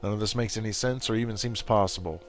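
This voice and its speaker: A man's voice: fairly low pitch, quick pace, faint music behind, lightly acted. A man reading as an impatient, just-woken commander. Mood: puzzled. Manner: demanding, questioning. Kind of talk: reading game dialogue aloud.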